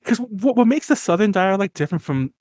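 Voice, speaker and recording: Rambling higher-pitched man on a podcast. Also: animated, fairly quick, a little mellow. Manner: rambling, lots of fillers and restarts, laughs often. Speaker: podcast co-host. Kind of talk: casual chat.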